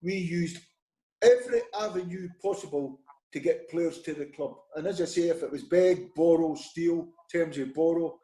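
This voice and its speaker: A middle-aged Scottish man spins lively anecdotes, slipping into the voices of people he quotes. His voice sits a little high but sounds dark and mellow. The room around him lends a noticeable echo. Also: moderate pace. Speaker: former football manager, guest. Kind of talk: conversational storytelling. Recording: roomy echo.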